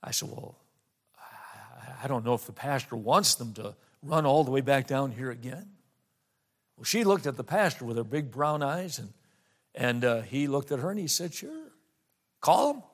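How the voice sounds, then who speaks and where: A middle-aged man preaching, telling a personal story and slowing down to stress scripture lines. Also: mid-range voice, animated. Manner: storytelling, slows down for emphasis on scripture. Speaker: pastor.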